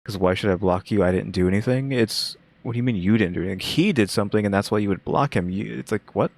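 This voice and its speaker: A man's voice: fairly low pitch, quick pace, darkish tone. A young man hosting a reaction video, talking casually and musing aloud with lots of fillers. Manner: rambling, musing, many fillers.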